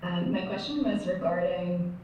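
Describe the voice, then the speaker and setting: Woman, audience question, polite, hesitant, lowish voice, very echoey room, faint hum. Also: measured pace, a little mellow. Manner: polite, hesitant, filler-laden. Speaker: audience member asking a question. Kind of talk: formal question from the floor. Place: lecture room. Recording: very echoey hall with faint noise.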